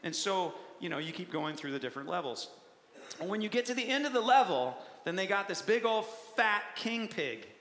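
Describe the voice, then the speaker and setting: A man preaching a sermon with a playful, animated, punchy delivery. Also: high-pitched, a little fast. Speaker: pastor. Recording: echoey hall with long reverb.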